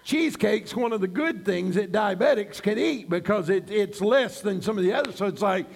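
A middle-aged man preaching a sermon, building to shouted emphasis on key phrases. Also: high voice, lively intonation, normal speed, gravelly, few pauses. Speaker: pastor.

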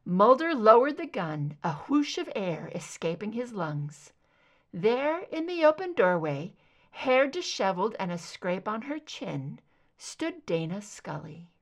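A woman's voice: medium pitch, big pitch swings, a little slow. A woman reading fan fiction aloud as an audiobook narrator, telling the story expressively. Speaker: audiobook reader.

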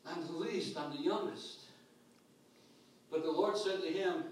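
A man's voice: a little high, unhurried, pauses often, recorded from a distance. Preaching man in an echoey church. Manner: dynamic preaching, swings from loud to hushed. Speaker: pastor. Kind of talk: sermon. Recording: echoey hall picked up from afar.

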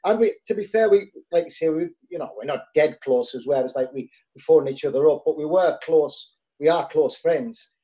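A man's voice: on the high side, a little fast, mellow, lo-fi sound. A man chatting in an easygoing way about old teammates. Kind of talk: casual chat.

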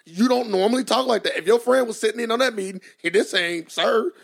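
A man's voice: extremely high pitch, fast, gravelly. A man co-hosting a podcast, arguing his point in casual chat and joking around. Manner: argumentative, joking, laughs often. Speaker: podcast co-host.

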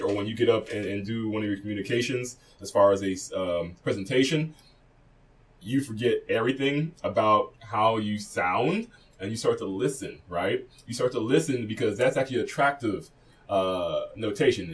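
A man co-hosts a studio podcast in an animated, rambling way, ribbing his partner as he talks. His voice sits on the low side, and the mic catches it from a little way off. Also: far from the mic. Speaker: podcast co-host. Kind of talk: casual podcast chat.

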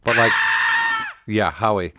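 A man's voice: mid-range voice, animated, fairly quick, noisy background. A man co-hosting a casual sports and comedy podcast, telling loose stories and acting out what people said. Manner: loose storyteller, acts out quotes with bursts. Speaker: podcast co-host. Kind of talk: casual chat.

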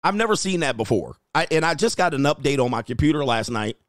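A man hosting a casual livestream, reading viewer comments aloud, animated and laughing, with loose swearing. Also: a little high, fast, no room sound, studio quality. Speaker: livestream host reading chat.

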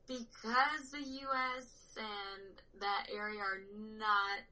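A woman's voice: mid-range voice, slow pace, pushed and bright, rough recording. A young woman, chatting casually and telling stories animatedly, laughing often. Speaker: powerlifter guest. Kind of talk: casual chat.

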